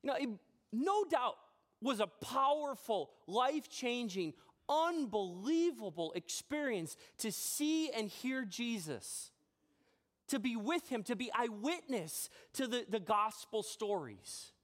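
A man preaching a sermon as pastor in a church, telling a personal story in a chatty, animated way with self-deprecating humor. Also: very high voice, slow. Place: church sanctuary.

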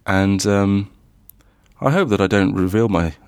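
A man's voice: lowish voice, a little slow, darkish tone, clean tone, no room sound, clean studio sound. A man co-hosting a podcast, chatting casually and hesitantly, full of restarts. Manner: hesitant, many fillers and restarts. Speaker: podcast co-host. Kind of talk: casual chat.

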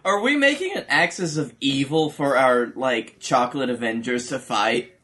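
A man's voice: mid-range voice, expressive, moderate pace, pushed and bright. A man co-hosting a podcast in casual comedic chat, throwing in dry short remarks. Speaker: podcast co-host.

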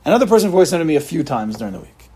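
A man leading an informal religious study group, animated and repetitive, acting out examples for his listeners. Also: on the high side, racing, slightly rough. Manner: animated, repeats himself, acts out examples. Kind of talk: informal religious class talk.

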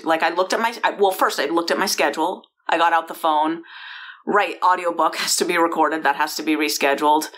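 Woman from san francisco, low voice, chatty storytelling with lots of asides, in her bedroom. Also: brisk, a bit bright. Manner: chatty, with restarts and asides to the listener. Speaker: founder and host. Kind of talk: personal storytelling to camera.

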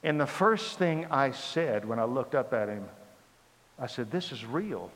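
An older man preaching a testimony sermon, acting out dialogue and swinging from loud bursts to hushed tones. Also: medium pitch, big pitch swings, measured pace. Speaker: pastor. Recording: long hall reverb.

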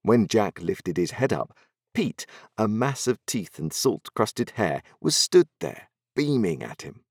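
Low-voiced, lively storyteller. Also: male voice, slow pace, husky, no room sound, clean studio sound. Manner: expressive, dramatic storytelling. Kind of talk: read-aloud story narration.

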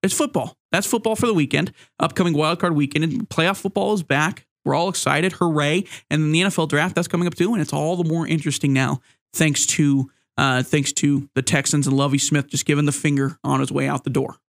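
A man's voice: fairly high pitch, fairly even intonation, a little fast, creaky, dry recording, clean studio sound. A man hosting a solo sports podcast, rambling and joking, with many fillers and restarts. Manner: joking, playful asides.

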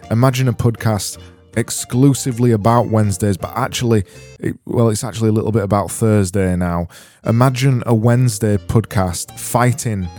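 Mellow-voiced man rambling deadpan. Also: on the low side. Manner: rambling, self-deprecating, deadpan. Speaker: podcast host. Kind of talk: solo comedy podcast monologue.

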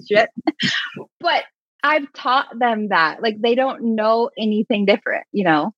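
Animated woman telling family stories. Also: on the high side, normal speed, dry recording, highs cut off. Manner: animated storyteller, laughs often. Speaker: guest. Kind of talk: casual conversation.

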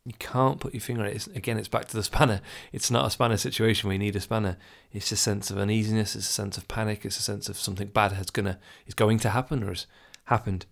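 A lowish, creaky male voice with fairly even intonation rattles along quickly, barely pausing. He's a self-help speaker chatting reflectively about overthinking, giving the listener casual advice, laughing softly now and then, and acting out his inner monologue.

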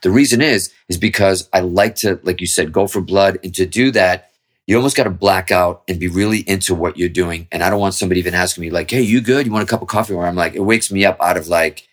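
Fast-talking low-voiced man telling stories. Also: fairly even intonation. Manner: rambling, profane, with frequent restarts. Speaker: guest musician. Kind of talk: casual storytelling interview.

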